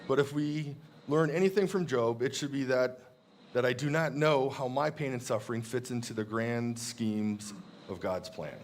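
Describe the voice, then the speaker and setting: A man gives an earnest, reflective sermon in a church at an even middle pitch. He slows down to read scripture verses aloud. A faint hiss sits under his voice. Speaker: pastor.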